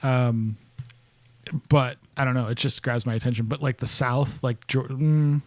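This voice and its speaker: A man's voice: mid-range voice, steady tone, a little slow, darkish tone, no echo. Sex: man. Origin: from upstate New York. Role: podcast host. Style: casual chat, rambling and profane, laughing often. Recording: dry, close mic.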